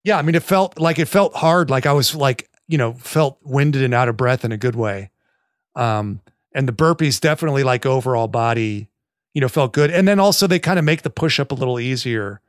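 A man's voice: medium pitch, lively intonation, fairly quick, dry recording, studio quality. A man co-hosting a fitness podcast in casual, rambling chat full of fillers. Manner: chatty, rambling with many fillers. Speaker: podcast co-host.

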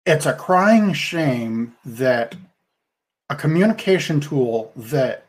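A man talking through his views on a casual podcast discussion. He is deliberate and reflective and often restarts his sentences. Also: a little high. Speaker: podcast co-host.

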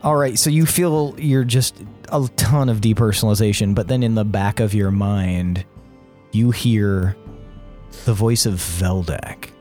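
A man narrating as game master of a tabletop game, relaxed and descriptive, laughing often. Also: fairly low pitch, unhurried, soft background music.

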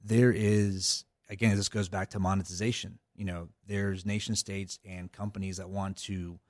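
A man's voice: sits low, little pitch movement, moderate pace, no echo, clean studio sound. A man talking as a guest on a podcast interview, rambling with many fillers and restarts. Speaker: cybersecurity guest. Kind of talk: casual interview talk.

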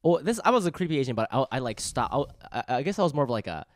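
A man in his thirties chatting on a comedy podcast, telling a story full of fillers and jumping into loud impressions of other people. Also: mid-range voice, very animated, very fast, no room sound, clean studio sound. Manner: rambling storyteller with many fillers, swings into loud mimicry. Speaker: stand-up comedian. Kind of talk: casual podcast chat.

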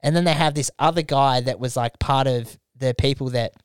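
Aussie male podcast host, casual storyteller, clear dry voice, swears a lot. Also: mid-range voice, brisk, dry recording. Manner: rambling storyteller, swears a lot, acts out quotes. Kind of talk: casual chat.

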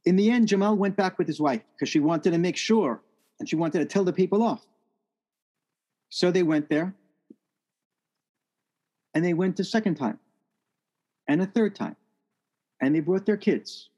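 A man with a notably high voice tells a story from his own life. He speaks in an earnest, reflective way. His pitch lifts further as the feeling builds. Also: moderate pace, long pauses, warm tone, highs cut off. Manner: earnest, reflective, rises in pitch at emotional peaks. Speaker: speaker telling a personal story. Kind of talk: first-person storytelling talk.

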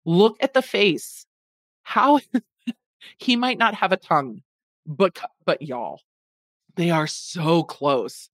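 A woman's voice: lowish voice, expressive, slow, long pauses, no echo. A woman hosting a podcast, chatting casually and wryly about a food lawsuit. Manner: chatty, wry, sarcastic asides. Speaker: podcast host.

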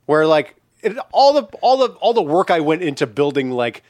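Animated higher-voiced man cracking crude jokes. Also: normal speed, no echo. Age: 40s. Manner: crude joking. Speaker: podcast host. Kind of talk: casual podcast chat.

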